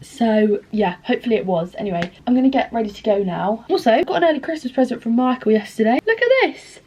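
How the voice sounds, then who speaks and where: This is a young woman's casual vlog voice, pitched a little on the high side. She rambles candidly and swears freely. Her asides are dry and self-mocking, and she moves from topic to topic with animated energy. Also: quick pace, slight background noise. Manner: animated, jumps between topics. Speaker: vlogger.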